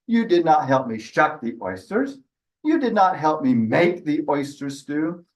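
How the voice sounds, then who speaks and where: Man putting on a squeaky little starfish lady. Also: big pitch swings. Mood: scolding. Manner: slow, sing-song pleading. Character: fussy little female starfish, self-reliant. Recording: voice heard from a distance.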